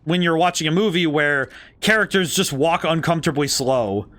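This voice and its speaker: A man's voice: fairly high pitch, moderate pace, fairly bright tone. A man streaming a game, musing thoughtfully and rambling as he corrects himself mid-sentence. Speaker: game designer streaming gameplay. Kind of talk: casual livestream commentary.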